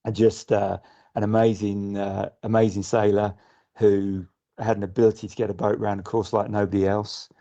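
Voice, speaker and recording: Middle-aged guy on a podcast, mellow low voice, kinda muffled lo-fi sound, lots of restarts. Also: level tone, moderate pace. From United Kingdom. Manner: thoughtful, many restarts and fillers. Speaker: guest sailor. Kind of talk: casual podcast interview. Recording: muffled lo-fi audio.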